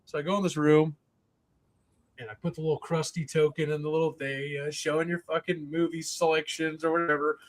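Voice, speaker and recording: A man hosting a casual podcast chat, telling a story in an animated, profane way, laughing and acting out what people said. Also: a little high, brisk.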